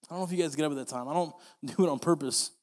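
A man's voice: fairly high pitch, rapid-fire, a little mellow, in a large hall. A young man preaching a sermon, earnest and repetitive, often restarting his phrases. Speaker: pastor.

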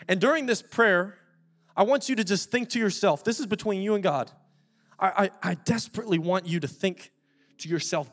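A man's voice: high voice, moderate pace, long pauses, soft background music. A young adult man preaching a sermon with an altar call, earnest and pleading, repeating words for emphasis. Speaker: pastor.

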